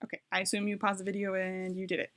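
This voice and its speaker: A woman's voice: mid-range voice, monotone, fast, fairly bright tone. A woman giving a casual home tutorial, chatty and correcting herself as she types, with her dog nearby. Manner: chatty, self-correcting, talks while typing. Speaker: language learning vlogger.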